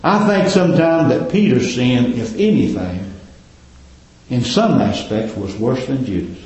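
A male preacher delivering a fervent sermon, climbing loud and then dropping to a hush. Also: lively intonation, unhurried. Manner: fervent, swinging between loud climbs and low hushed drops. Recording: very echoey, dull lo-fi church recording.

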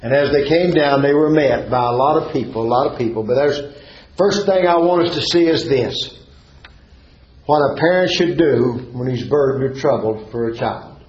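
A man's voice: medium pitch, moderate pace, darkish tone, echoey room, lo-fi sound, a little hiss or hum. A male preacher, preaching a sermon in a fervent cadence and repeating phrases for emphasis.

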